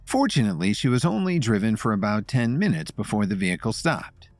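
A male narrator reads a scripted story in a low, animated voice that moves freely up and down. The recording is dry and close-miked. Faint music plays underneath. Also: a little fast, no room sound.

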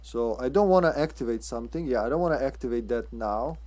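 Casting: casual male streamer, rambling and stammering commentary over gameplay, mid-pitched voice. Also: lively intonation, fast, darkish tone. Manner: rambling, stammering, swears and laughs a lot. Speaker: streamer playing a horror game.

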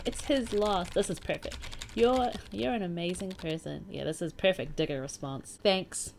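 A woman's voice: mid-range voice, expressive, measured pace, vocal fry, a little mellow, a little hiss or hum. A young woman casually commenting on a game she is playing and reading its chat messages aloud in a playful, chatty way. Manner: chatty and playful, reacting with sighs and laughs. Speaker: gaming YouTuber.

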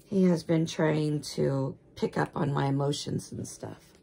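Slow, gravelly-voiced woman chatting casually. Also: deep voice, fairly even intonation, warm tone. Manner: rambling, homespun, gushes with gasps. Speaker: doll collector vlogger. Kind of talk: casual chat to camera.

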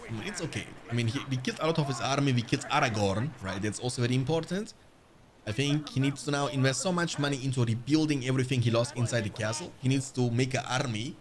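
A man giving live commentary on his own strategy game as a streamer, addressing viewers as "boys" and swinging from muttering to yelling at the screen. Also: mid-range voice, quick pace, a crowd in the background. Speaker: gaming streamer.

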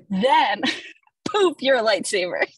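A woman's voice: on the high side, very animated, takes it slowly, husky, dry recording, poor audio. A woman hosting a casual video call, presenting the week's content playfully and enthusiastically with jokey asides. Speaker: host presenting weekly social media content.

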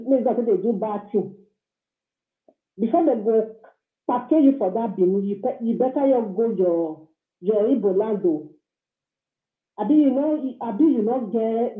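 A woman speaking Nigerian Pidgin English, calling in to rant angrily and hurl insults at someone. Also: fairly high pitch. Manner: scolding, insulting, heated. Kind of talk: angry phone-in rant. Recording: tinny echoey phone line.

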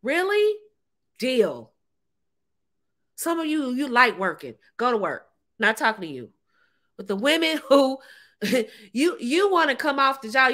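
A woman's voice: on the high side, pushed and bright. A woman, talking to camera in a sassy, emphatic way, laughing often and calling viewers ladies and honey. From United States. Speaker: relationship advice vlogger. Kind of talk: casual talk to camera.

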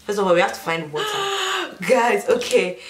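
A woman's voice: medium pitch, quick pace. A young woman vlogging a prank at home, talking nervously and hesitantly with lots of fillers. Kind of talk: casual prank vlog. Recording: echoey room with faint noise.

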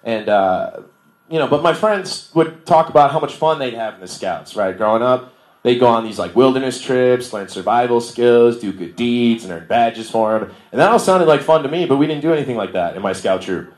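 A man's voice: medium pitch, animated, moderate pace. Man, thirties, stand-up comic, self-deprecating, chuckling, roomy live venue. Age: 30s. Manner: loose, self-deprecating, laughs at his own jokes. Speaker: stand-up comedian. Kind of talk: stand-up comedy set. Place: bar room with a live audience.

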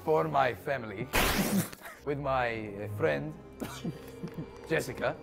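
A man voicing a gruff, deadpan middle-aged teacher in a low, mock-serious impression, heard in a video clip with music behind. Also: takes it slowly.

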